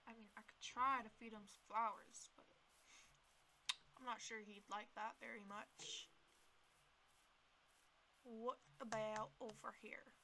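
Young woman, slow playful gaming commentary, bright tense voice, cutesy baby talk, faint clicking. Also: a little high, slight background noise. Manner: playful, talks to herself with cutesy baby words; sudden excited gasps and shouts. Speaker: gameplay video creator. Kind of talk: casual gameplay commentary.

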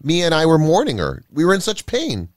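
A man's voice: mid-range voice, wildly swooping pitch, fairly quick, no echo, clean studio sound. A man voicing an earnest, grieving father in a storybook, speaking urgently and pleadingly. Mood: anguished.

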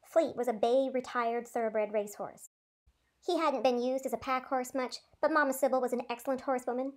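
A teacher reading a story aloud to her class, in a lively, expressive way. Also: high voice, fairly quick.

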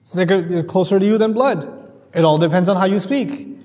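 A man giving a lively Quran commentary lecture, acting out voices and quoting Arabic verses. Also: high-pitched, moderate pace, long reverb tail. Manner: animated, acts out voices and quotes Arabic verses. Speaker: Quran teacher.

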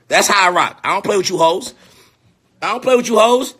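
Husky-voiced brash man ranting. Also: high-pitched, expressive, fairly quick. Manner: brash, crude, loud and often laughing. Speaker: vlogger. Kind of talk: profane ranting monologue.

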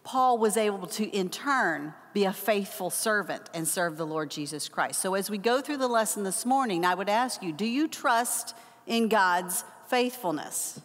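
An older woman teaching a Bible lesson, telling a personal story with animated acted-out quotes. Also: medium pitch, moderate pace. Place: church hall. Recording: long hall reverb.

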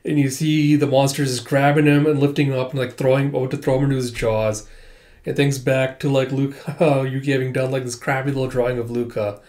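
A man's voice: medium pitch, level tone, brisk, darkish tone. A man casually narrating and reacting to a comic chapter, chatty and often laughing. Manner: chatty, laughing, many fillers. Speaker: comic read-through host. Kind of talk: casual commentary.

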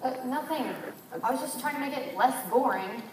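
A teenage girl playing an excitable, mischievous cast member who mocks and interrupts in a school chapel comedy skit. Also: high voice, fairly quick, a little hiss or hum, natural voice. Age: teens. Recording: echoey hall, distant mic, music.

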